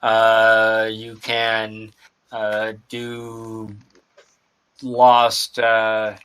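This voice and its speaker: A man running a tabletop game as game master, talking in a halting way with many fillers. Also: fairly low pitch, monotone, a bit bright, clear, resonant tone. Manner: slow, halting, lots of uh fillers.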